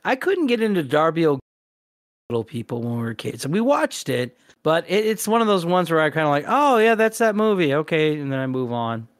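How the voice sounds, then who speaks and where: A man's voice: a little high, big pitch swings, fast talker, no echo, clean studio sound. A man co-hosting a podcast in casual chat, reading out fun facts and laughing often. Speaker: podcast co-host.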